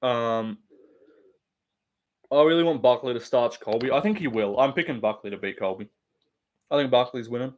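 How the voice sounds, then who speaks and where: A man's voice: medium pitch, moderate pace, pauses often. Blunt, sweary Australian man. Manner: rambling, heavy swearing, blunt opinions. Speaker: live stream host. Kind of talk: casual live stream chat.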